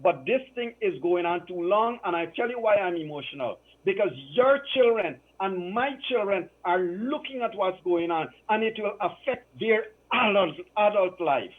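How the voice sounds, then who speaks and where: Heated male caller, high-pitched voice, tinny phone line, hammering his points with repetition. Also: expressive, moderate pace, hardly any pauses. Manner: emphatic, repeats phrases for emphasis. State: emotional. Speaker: political commentator. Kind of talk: impassioned political talk.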